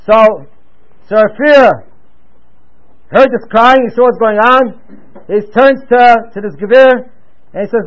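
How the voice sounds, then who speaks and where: Very high-voiced man telling a religious tale. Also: slow, long pauses, highs cut off. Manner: rambling, with many restarts and Hebrew-Yiddish terms. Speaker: storyteller giving a religious talk. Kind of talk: loosely told religious story.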